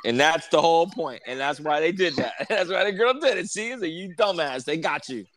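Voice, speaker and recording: A man co-hosting a podcast, animated and profane, acting out quotes in casual chat. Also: a little high, fairly quick, no echo. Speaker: podcast co-host.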